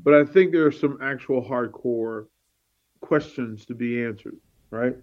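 A man's voice: mid-range voice, unhurried, darkish tone, dull audio. A man hosting a sports talk show, chatting casually and leading his co-host with questions.

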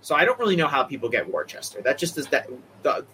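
Animated man from the Boston area. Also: a little high, fast talker, slight background noise, low-quality recording. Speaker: podcast co-host, reporter. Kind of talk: casual podcast chat.

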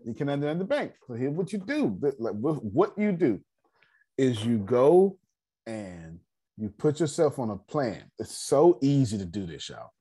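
A man hosting a casual personal finance class on a video call, slangy and animated, talking straight to his group. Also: mid-range voice, normal speed, husky.

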